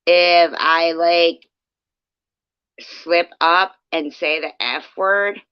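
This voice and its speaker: A woman chats with her viewers at an unhurried pace, cracking jokes and laughing often. She swears freely. The sound is dull and lo-fi, with a dry room. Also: fairly low pitch, fairly even intonation, clear, resonant tone, no room sound. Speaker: streamer chatting with viewers. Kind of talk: casual live chat.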